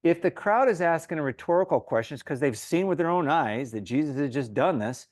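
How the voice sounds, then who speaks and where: A man's voice: fairly high pitch, animated, brisk, darkish tone, dry recording. A man leading a Bible study in an easy, talky style. He slips into the voices of the people he quotes. The recording is dry and close, with little room sound. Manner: informal, acts out crowd voices in quotes. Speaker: Bible teacher. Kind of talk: conversational Bible study teaching.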